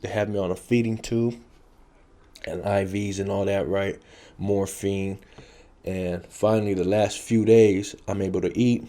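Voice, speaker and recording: Here a storyteller looks back on his past, talking casually to camera in a low, dark voice with fairly even intonation and a measured pace. He's blunt, streetwise, and profane, hammering key phrases through repetition.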